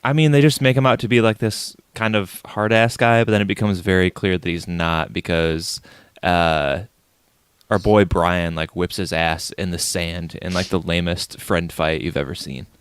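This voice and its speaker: A man's voice: low voice, fairly even intonation, moderate pace, smooth. A man co-hosting a casual movie podcast, making wry, offhand quips. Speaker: podcast co-host. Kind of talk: casual movie review chat.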